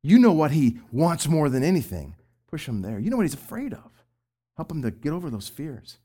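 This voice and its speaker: A middle-aged man, a former youth pastor, giving Christian marriage advice in an expressive way, swinging between loud emphasis and soft asides. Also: a little high, a little fast, breathy edge.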